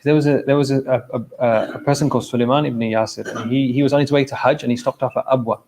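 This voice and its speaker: A man gives a relaxed, chatty talk to a mosque gathering. He often repeats his key phrases and keeps asking "okay?" as he goes. His voice sits at an ordinary, middling pitch for a man. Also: fast talker, rough recording. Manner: conversational, repeats himself, keeps checking in with "okay?". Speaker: mosque speaker. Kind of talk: informal religious talk.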